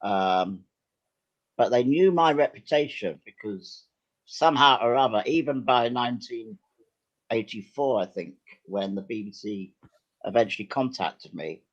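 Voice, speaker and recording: An older man, a guest actor and writer, telling lively, self-deprecating anecdotes with some hesitation in casual chat. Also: mid-range voice, unhurried, muffled recording.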